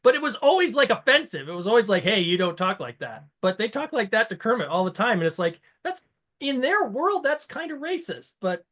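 A man's voice: very high-pitched, very animated, fairly quick, fairly bright tone. A man co-hosting a podcast, speaking in casual chat with rambling, reflective remarks and small laughs between phrases. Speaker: podcast co-host.

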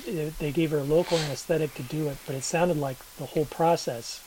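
A man's voice: fairly high pitch, fairly even intonation, a little fast, a crowd in the background, rough recording. A man co-hosting a podcast who chats casually and laughs often. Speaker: podcast co-host. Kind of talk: casual chat.

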